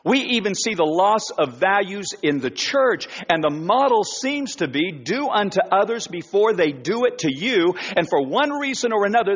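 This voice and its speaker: A man's voice: high-pitched, a bit bright. A male pastor preaching a sermon in a church, emphatic, with repeated phrases and rhetorical questions. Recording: dull church recording with long reverb.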